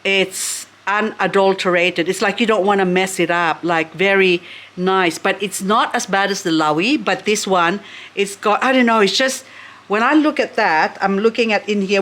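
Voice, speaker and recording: A woman's voice: medium pitch, unhurried, fairly bright tone. Woman doing a chatty unboxing vlog at home, gushes over every plant and talks to them. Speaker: succulent vlogger. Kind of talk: casual unboxing chat.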